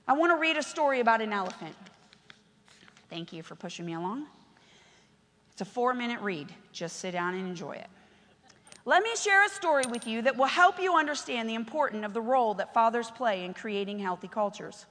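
A woman pastor preaching a passionate sermon that swings between loud exhortation and quiet storytelling. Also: on the high side, expressive, brisk, long reverb tail.

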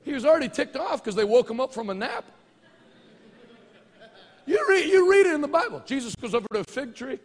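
A man preaching a fervent sermon, moving between quiet storytelling and loud, rousing declarations. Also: very high-pitched, big pitch swings, a little fast, pauses often. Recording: church hall reverb.

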